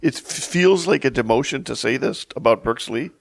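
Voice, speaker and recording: A man's voice: mid-range voice, animated, normal speed, gravelly, breathy edge, no room sound. A man co-hosting a casual sports podcast chimes in with brief agreements and thinking-aloud asides. His voice sits mid-range and sounds close and dry. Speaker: podcast co-host.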